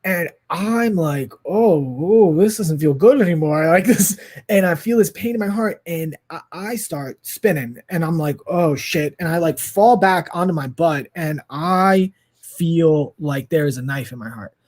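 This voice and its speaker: Husky-voiced man in his thirties telling a story. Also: a little high, unhurried. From United States. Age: 30s. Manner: lively, laughs often, swears freely. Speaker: podcast guest. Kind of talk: animated storytelling in casual chat.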